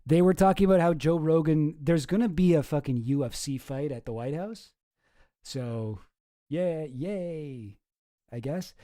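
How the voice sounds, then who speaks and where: A man's voice: a little high, measured pace, mellow. A man talks casually as he reacts to clips. He is chatty and self-deprecating, laughing easily. His close microphone gives a dry sound with no room echo. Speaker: streamer host.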